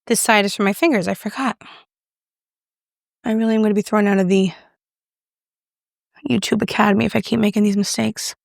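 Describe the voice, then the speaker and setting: A woman's voice: mid-range voice, fairly even intonation, brisk, vocal fry, pauses often, no room sound, studio quality. A young woman casually reviewing makeup, chatty and self-deprecating as she applies it on camera. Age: young adult. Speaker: beauty YouTuber.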